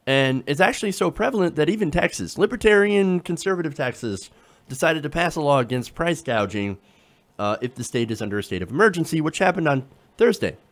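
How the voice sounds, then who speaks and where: A man's voice: on the high side, lively intonation, a little fast. A man hosting casual political commentary, talking conversationally with sarcasm and frequent fillers.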